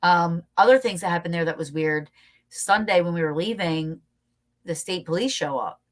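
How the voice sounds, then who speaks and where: A woman guest telling a story in a casual, animated way, laughing often and swearing freely. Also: lowish voice, moderate pace.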